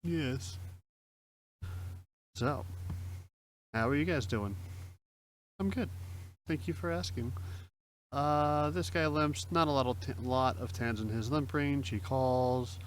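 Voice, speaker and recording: A man's voice: medium pitch, slow pace, pauses often, a little hiss or hum, low-quality recording. A young man casually talking through his online poker hands as a streamer, chatty and self-mocking. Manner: chatty, self-mocking, explains plays aloud.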